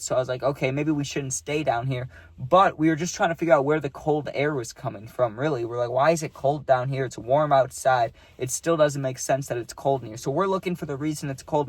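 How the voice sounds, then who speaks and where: A man's voice: mid-range voice, dry recording. Young guy doing a storytime, super casual, says dude and right a lot, dry close sound. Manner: laid-back, slangy, keeps adding "dude" and "right?".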